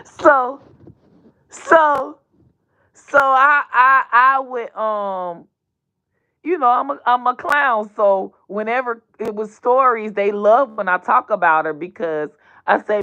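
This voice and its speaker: A woman host telling a storytime on her show, animated and profane, swinging from loud outbursts to near-whispers. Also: a little high, slow, muffled recording. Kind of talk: casual storytime vlog.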